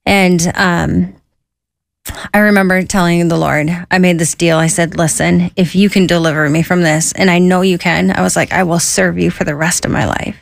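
A woman with a somewhat low voice tells her own story in a relaxed, conversational way. She slips into lively quoted voices for the people in her tale. The sound is close and dry. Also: moderate pace, gravelly, dry recording. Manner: lively, quotes herself and others in an animated voice. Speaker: guest sharing her testimony.

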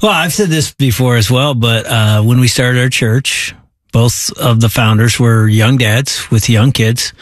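A man's voice: medium pitch, measured pace, dry recording, clean studio sound. A man in his forties, a pastor co-hosting, talking thoughtfully about raising teenagers. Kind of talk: casual chat.

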